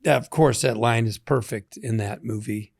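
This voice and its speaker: A man's voice: medium pitch, measured pace, vocal fry, no echo, clean studio sound. A man in his sixties, an interview guest, talking in a reflective, rambling, self-deprecating way. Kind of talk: casual interview talk.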